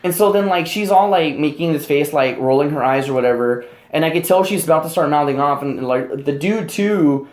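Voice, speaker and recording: A man's voice: on the high side, a little fast, hardly any pauses, darkish tone. A man co-hosting a podcast, telling a story in casual, profane chat and acting out quotes in raised, heated voices. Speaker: podcast co-host. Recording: roomy echo.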